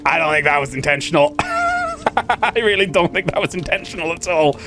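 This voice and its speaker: A man giving casual, excitable commentary while playing a video game, laughing often. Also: sits high, moderate pace, faint music behind. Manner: excitable, laughing, chatty asides. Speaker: gaming channel host.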